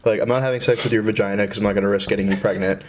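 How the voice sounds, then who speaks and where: A man's voice: fairly low pitch, fairly even intonation, rapid-fire. A man co-hosting a casual podcast, reacting with short replies and crude wisecracks. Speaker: podcast co-host.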